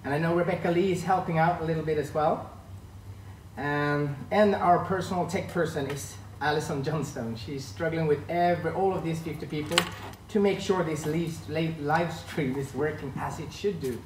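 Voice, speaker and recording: A man's voice: on the high side, normal speed, a little hiss or hum. Swedish guy in his 30s hosting a dance stream, chatty, greets everyone, roomy echo, far from the mic. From northern Sweden. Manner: chatty, greets chat viewers by name. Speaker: line dance instructor hosting a live stream. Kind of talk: casual live-stream chat greeting viewers. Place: room at home.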